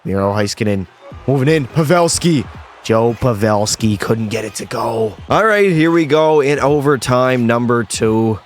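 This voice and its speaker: A young man giving excitable, exasperated play-by-play commentary on a hockey video game, often yelling at the players. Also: mid-range voice, normal speed. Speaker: gaming YouTuber.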